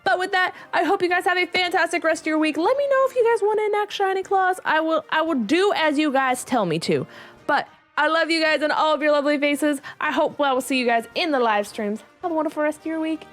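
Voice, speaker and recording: Bubbly high-voiced woman gamer. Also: fast, soft background music. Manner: bubbly and animated, with frequent laughs. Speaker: gaming video creator. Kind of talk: casual gameplay commentary.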